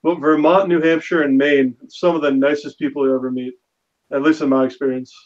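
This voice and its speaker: A man's voice: fairly high pitch, level tone, brisk, a little mellow. Joking man with a dull lo-fi sound. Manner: joking anecdotes, swears. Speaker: podcast co-host. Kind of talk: casual chat.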